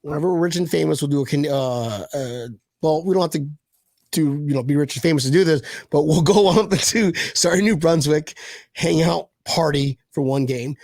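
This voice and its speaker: A high-pitched man with a gravelly edge hosts a live web show, hyped and loose, calling everyone bro and throwing in swear words. The sound is dry and close to the mic. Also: normal speed, darkish tone, no room sound. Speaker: host. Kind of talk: casual live-show chat.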